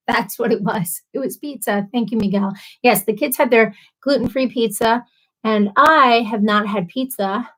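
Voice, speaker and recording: A young woman hosts a casual livestream, chatting with viewers in a bubbly, rambling way full of fillers. Her voice is a little high with a fairly bright tone, but the audio quality is poor.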